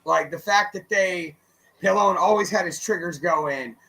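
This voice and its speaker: A man co-hosting a radio show, chatting casually and telling animated, profane stories while acting out the people in them. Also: high voice, unhurried, gravelly, rough recording. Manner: animated, profane, acts out quoted voices. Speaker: co-host and musician. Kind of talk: casual radio chat, storytelling.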